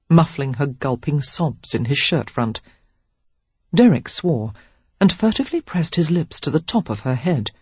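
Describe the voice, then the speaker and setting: An audiobook narrator giving an expressive, lively reading of a romance novel. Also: medium pitch, breathy edge, dry recording, muffled recording.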